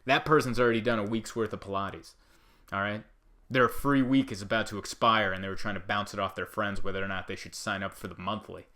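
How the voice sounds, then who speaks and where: A man hosting a comedy podcast, riffing through rambling stories in an animated way. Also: lowish voice, brisk.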